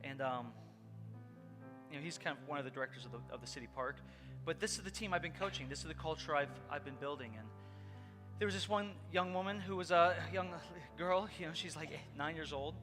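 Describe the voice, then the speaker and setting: Loud music and long hall reverb surround this man's slightly high, brisk voice. He delivers a conversational sermon, telling a personal story with earnestness and talking directly to his congregation.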